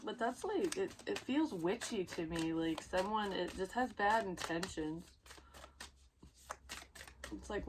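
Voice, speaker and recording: A woman's voice: mid-range voice, expressive, slow, pauses often, slight background noise. A woman giving a casual tarot reading, rambling and blunt, swearing freely as she goes. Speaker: psychic tarot reader.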